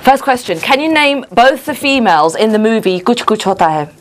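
A woman's voice: fairly high pitch, brisk. A woman hosting a quiz show in a playful, teasing way, often laughing. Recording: noisy studio sound.

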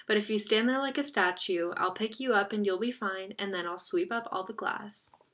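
A woman reading a novel aloud, voicing a calm mother speaking soothingly. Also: medium pitch, moderate pace, close to an everyday voice. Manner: soothing, gentle.

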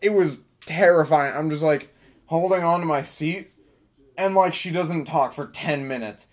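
A young man telling a story casually, rambling with many fillers and deadpan asides. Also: a little high, unhurried.

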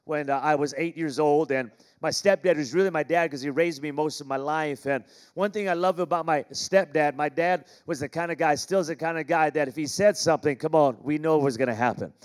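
A man's voice: fairly high pitch, a little fast. A middle-aged American man from Los Angeles preaching a sermon, joking with the congregation and calling for responses. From Los Angeles, California. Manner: jokey, calls for audience responses. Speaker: pastor. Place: large church auditorium.

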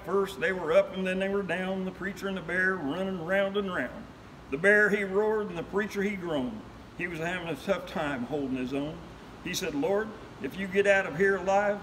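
A man reciting a humorous story poem with a steady rhythm. He rises into loud cries at the big moments. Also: high-pitched, a little hiss or hum, poor audio. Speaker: guest.

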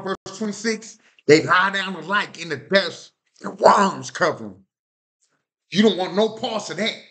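A man's voice: high voice, sharp tone. A man preaching a sermon in an informal style, often asking his listeners whether they heard him. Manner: preaches in a vernacular style, repeats "You hear what I said?".

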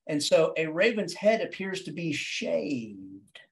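A male English professor giving a literature lecture with theatrical energy. His voice jumps suddenly from low musings to high exclamations, and he often restarts and repeats words as he talks his way through ideas. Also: takes it slowly. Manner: animated, dramatic delivery with sudden pitch jumps.

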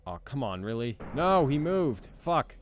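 A man's voice: medium pitch, very animated, unhurried, a little hiss or hum. A young man giving let's play commentary as he plays, frustrated, swearing and repeating himself. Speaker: gaming channel host.

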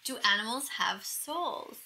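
A middle-aged woman vlogging to camera as she reacts to a video. She talks in an emotional, gushing way and often drops into a breathy whisper. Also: a little high, expressive, a little slow, pushed and bright, slight background noise, poor audio. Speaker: vegan activist vlogger.

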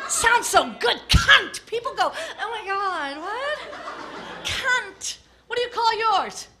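A female stand-up comic performs crude, brash comedy on a club stage and heckles the audience. Her voice is very high-pitched, bright, and forceful, and the live club recording includes crowd laughter and noise.

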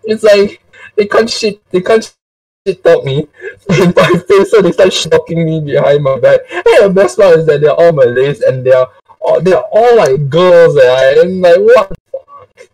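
A man's voice: on the high side, unhurried, darkish tone, dry recording. A young man hosting a casual storytime chat. He laughs often, swears casually and drops Singlish particles into his speech. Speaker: storytime podcast host. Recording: dry sound from a distant mic.

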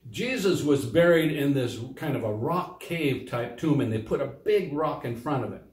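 A man's voice: medium pitch, animated, moderate pace, few pauses. Man teaching kids a Bible lesson. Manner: simple, plain explanations for kids, reads quoted lines with lifted voice. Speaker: children's Sunday school teacher. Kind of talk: children's Bible lesson, reading scripture aloud. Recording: echoey room.

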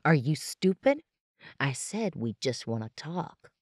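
A man's voice: a little high, very animated, slow pace, husky, no room sound, studio quality, exaggerated voice. A narrator voicing a pushy male street thug who talks in a mocking way, in an audiobook. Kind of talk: audiobook character voice.

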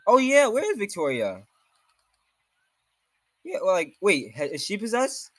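A man's voice: high voice, wildly swooping pitch, a little slow, a bit bright, no room sound. A man giving jumpy gameplay commentary, exclaiming often and reading game text aloud. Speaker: game streamer.

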